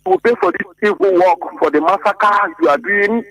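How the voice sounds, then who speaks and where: A man's voice: high-pitched, moderate pace, fairly bright tone, poor audio. A man calling a radio show, preachy and fervent, with emphatic peaks. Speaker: radio call-in caller. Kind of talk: impassioned call-in comment.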